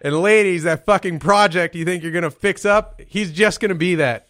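A man's voice: high-pitched, normal speed, fairly bright tone, no echo, studio quality. A man hosting a crude, casual chat, blunt and teasing, swearing freely.

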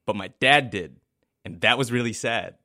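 A man's voice: medium pitch, normal speed, sharp tone, no echo. A man co-hosting a casual podcast, telling a story in a dry, teasing, laid-back way. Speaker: podcast co-host.

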